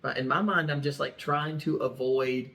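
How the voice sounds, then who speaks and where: A man's voice: medium pitch, fairly even intonation, normal speed, creaky, fairly bright tone. Straightforward man, pastor chatting. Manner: straightforward, laughs easily, storytelling. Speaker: pastor and podcast co-host. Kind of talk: casual chat.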